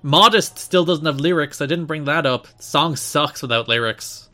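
A man's voice: a little high, normal speed, sharp tone. Rambling sarcastic man on a podcast. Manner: rambling, sarcastic, laughs often. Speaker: podcast co-host. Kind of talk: casual podcast chat.

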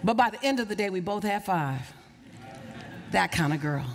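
A woman's voice: mid-range voice, expressive, normal speed. A woman giving a motivational speech to a live audience, telling a story with passion and repeating key phrases for emphasis. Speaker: motivational speaker. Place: stage before a live audience. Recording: long reverb of a large hall.

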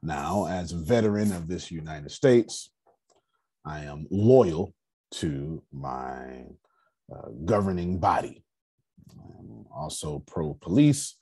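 A man with a rough, raspy voice hosts a relaxed group discussion. His voice sits low, and he speaks in a measured, emphatic cadence, leaning into each point. The tone stays steady and deliberate. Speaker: host.

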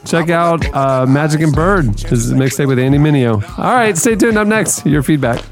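A man's voice: a little high, expressive, normal speed. A man hosting a podcast, introducing segments in an upbeat announcer tone. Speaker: podcast host.

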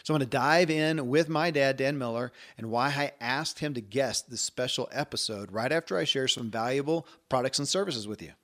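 A man in his forties hosts a podcast that mixes monologue and interview, speaking earnestly and conversationally and often restarting his sentences. His mid-range voice has a fairly bright tone, and he talks fairly quickly with few pauses.

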